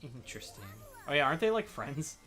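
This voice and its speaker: A man's voice: on the high side, big pitch swings, a little fast, bright, forceful tone, soft background music. A young man co-hosting a casual gaming stream chat, easygoing and agreeable, swearing casually. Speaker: co-host.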